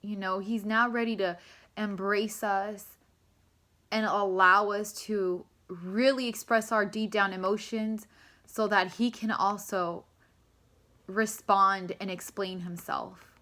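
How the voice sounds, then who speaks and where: A woman's voice: mid-range voice, steady tone, takes it slowly, pushed and bright. A young woman giving a casual, rambling tarot reading to her viewers, emotional and swearing freely. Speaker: tarot reader.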